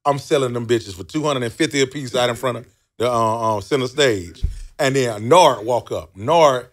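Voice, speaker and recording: A man's voice: medium pitch, moderate pace. A man with a Southern US accent, telling a loose, profane story with laughs on a comedy talk show. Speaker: comedian guest.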